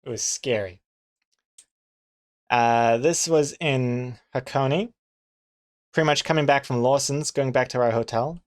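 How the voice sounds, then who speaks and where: A man's voice: medium pitch, unhurried, pauses often. A man, chatting casually on a live stream and telling rambling anecdotes with chuckles and fillers. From New Zealand.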